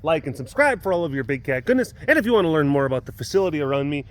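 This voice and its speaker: A man's voice: on the high side, expressive, very fast, few pauses, slight background noise. A man hosting a casual walk-and-talk vlog at an outdoor animal compound, rambling and laid-back, cooing at the big cats. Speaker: vlog host at a big cat rescue.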